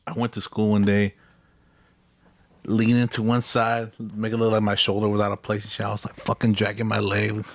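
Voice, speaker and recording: A man's voice: on the low side, completely flat delivery, normal speed, dry recording. A young man, telling profane stories with lots of laughter as a podcast co-host. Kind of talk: casual chat.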